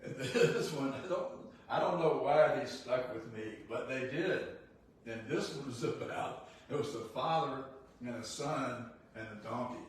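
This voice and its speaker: A man's voice: medium pitch, measured pace. Older man speaking far off in an echoey room. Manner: blunt, folksy, frequently laughing. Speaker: real estate CEO giving a talk. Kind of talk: motivational talk. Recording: echoey room, distant mic, faint noise.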